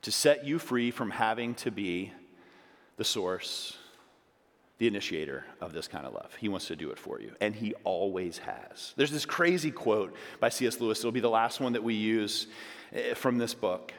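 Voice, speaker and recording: A male pastor preaching a sermon, moving between loud, emphatic pleas and hushed asides. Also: fairly low pitch, expressive, moderate pace. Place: church sanctuary. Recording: long reverb of a large hall.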